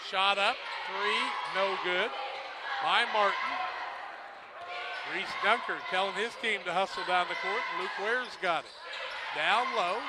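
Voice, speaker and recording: High-voiced man calling basketball. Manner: brisk play-by-play, jumps loud on made shots. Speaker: play-by-play announcer. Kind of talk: local radio sports commentary. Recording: noisy gym broadcast. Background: gym ambience, basketball bouncing.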